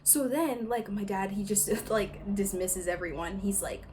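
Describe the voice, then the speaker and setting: A woman's voice: mid-range voice, measured pace, noisy background. A young woman telling a storytime vlog, casual, packed with filler words and swearing. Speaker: vlogger.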